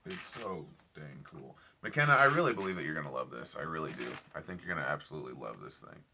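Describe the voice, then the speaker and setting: This young man streams live from his parked car at night, chatting with viewers and reading comments in a rambling, enthusiastic manner packed with fillers and repeats. His voice is extremely low with lively intonation and a quick pace, over background noise.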